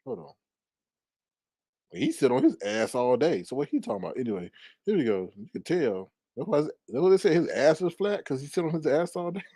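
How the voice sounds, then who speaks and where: A man hosting casual reaction commentary, teasing and animated, breaking into laughs and drawn-out exclamations. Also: a little high, no echo. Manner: drawn-out exclamations like "Lord have mercy". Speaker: commentary channel host.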